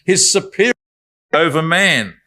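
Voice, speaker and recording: A man's voice: on the high side, lively intonation, moderate pace, sharp tone. A man giving a Bible study talk in a conversational, reflective way, with apologetic asides. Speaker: Bible speaker.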